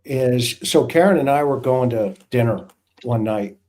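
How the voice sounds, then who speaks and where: Mellow-voiced man spinning a long anecdote. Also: mid-range voice, animated, a little slow. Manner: rambling, vivid storyteller with restarts. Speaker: former hostage negotiator. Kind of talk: casual anecdote telling.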